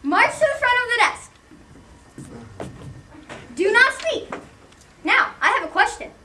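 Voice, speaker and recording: A vain, blustering tycoon, played by a woman barks and boasts in a high, bright voice that swings widely. The stage play is heard from far off in an echoey hall. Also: a little hiss or hum. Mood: bossy. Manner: barking, boastful, mocking. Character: blustering rich male tycoon boss, bossy and vain. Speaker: stage actor. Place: theatre stage, heard from the audience.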